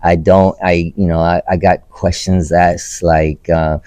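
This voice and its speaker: An older man, a theater director, speaking in an interview in an earnest, emphatic way, halting with fillers. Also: low voice, flat delivery, mellow, clean tone, no echo. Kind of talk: casual interview talk.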